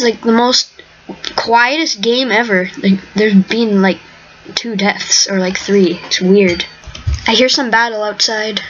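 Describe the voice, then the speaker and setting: A woman hosting her own game video, commenting live on play in a rambling, chatty way and sometimes dropping to a whisper. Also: medium pitch. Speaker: host, gamer. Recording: dull lo-fi mic with faint hiss.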